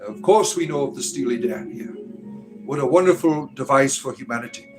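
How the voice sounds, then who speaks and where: A man's voice: mid-range voice, animated, brisk, over music, low-quality recording. A man casually chatting on a livestream, rambling and answering chat questions, often tagging lines with "right?".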